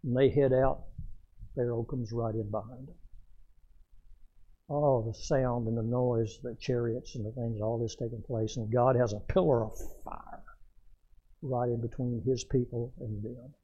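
Older husky-voiced man preaching a sermon. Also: medium pitch, fairly even intonation, a little slow, pauses often, highs cut off. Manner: folksy storytelling preacher, swells loud then drops soft. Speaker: pastor.

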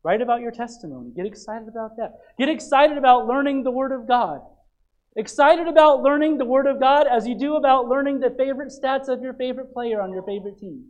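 A man preaching a sermon as pastor, urging his listeners again and again, swinging from loud calls to quiet asides. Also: very high voice, rough recording. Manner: exhorting, repetitive calls to get excited; dynamic, dropping to quiet asides.

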